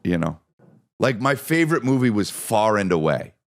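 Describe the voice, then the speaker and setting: A low-pitched man with a gravelly edge hosts a podcast in a loose comedic monologue. He swears freely and rambles, leaning on repeated bits. His pitch swings widely from line to line. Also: very animated, moderate pace. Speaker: podcast host.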